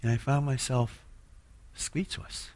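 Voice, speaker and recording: A man telling an earnest spoken testimony of faith, moving between hushed passages and loud, impassioned ones. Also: medium pitch, level tone, takes it slowly, a little hiss or hum. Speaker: churchgoer sharing a personal testimony.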